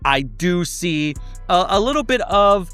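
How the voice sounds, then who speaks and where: A man's voice: high-pitched, expressive, measured pace, a bit bright, clear, resonant tone, soft background music. A man giving a casual sneaker review, chatty and loose, with many fillers and restarts.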